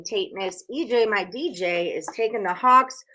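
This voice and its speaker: A woman's voice: mid-range voice, normal speed, few pauses, bright, forceful tone. Chatty woman hosting a betting stream. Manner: chatty, reads out viewer picks while writing on a whiteboard; breezy and a bit profane. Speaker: sports betting show host. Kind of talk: casual live-stream chat.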